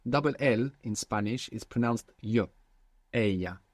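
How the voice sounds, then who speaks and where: A man's voice: mid-range voice, measured pace, dry recording. A man teaching a language lesson, patiently prompting his student with questions.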